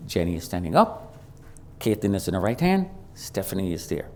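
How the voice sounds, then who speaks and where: In a church sanctuary, a guest preacher shares a personal testimony, telling it dramatically and acting out the voices of the people involved. He is very animated, speaking at a moderate pace and swinging from loud and high to low and quiet, with slight background noise.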